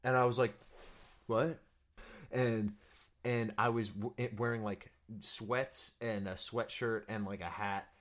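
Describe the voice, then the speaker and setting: A young stage actor in musical theater appears as a guest in a casual interview chat, eager and earnest, with many fillers and restarts. His voice is fairly low and fairly bright, with a steady tone and measured pace.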